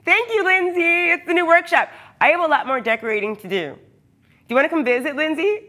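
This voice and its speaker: A woman's voice: sits high, expressive, a little fast, bright, forceful tone. A hyper, chatty woman who often laughs, talking casually with her live viewers from her workshop. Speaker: cosplayer streaming live. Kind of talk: casual livestream chat with viewers.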